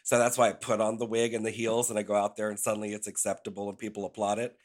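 A man's voice: on the low side, completely flat delivery, fast. Candid, self-mocking male guest. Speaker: podcast guest, drag performer. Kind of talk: casual interview chat.

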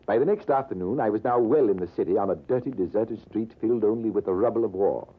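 A man playing a British army major telling a tale in a dramatic, measured 1940s radio style, with a husky voice. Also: fairly low pitch. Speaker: storyteller. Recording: narrow lo-fi old radio broadcast.

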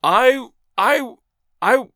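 A man reading aloud who voices an indignant, excitable male trading agent who shouts and stutters. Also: high voice, a little fast, dry recording, clean studio sound.

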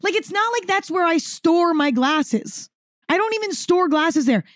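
Her voice is extremely high-pitched and her pace is measured, recorded in a clean studio with no room sound. This podcast host chats animatedly through a casual story, dropping "like" again and again.

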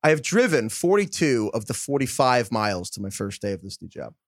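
Man, podcast co-host, lively storyteller voice, dry close mic. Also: medium pitch, a little fast, dry recording. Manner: animated storytelling, acts out quoted lines. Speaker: podcast co-host reading listener emails. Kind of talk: casual chat, reading emails aloud.

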